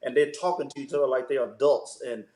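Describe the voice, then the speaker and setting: A man, a pastor, talking about fatherhood in a relaxed interview, telling stories and using "man" as a filler. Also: mid-range voice, fast talker, reverberant. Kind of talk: conversational interview.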